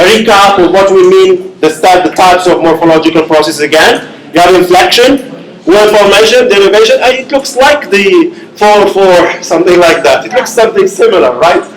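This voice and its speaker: High-voiced male lecturer in an echoey room. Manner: explains step by step with many okays and rhetorical checks. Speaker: university lecturer. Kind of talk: classroom lecture. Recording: echoey classroom.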